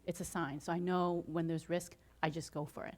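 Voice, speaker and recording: A woman giving an inspirational talk to an audience, telling her story with frequent laughter and acting out her own excited reactions. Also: on the low side, brisk. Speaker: motivational speaker.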